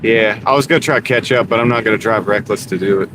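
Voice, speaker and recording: A man's voice: lowish voice, quick pace. A man streaming live as a delivery driver, chatting casually with viewers by name and muttering over order offers while he drives. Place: inside a car while driving. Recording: steady car road noise. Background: car engine and road noise.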